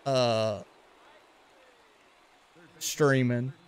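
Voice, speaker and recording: A man's voice: medium pitch, extremely slow, smooth. A man from western Louisiana with a Louisiana accent, livestreaming a baseball video game, casually commenting on plays and chatting with viewers. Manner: relaxed, chatty, reacting to plays and greeting chat. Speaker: gaming livestreamer.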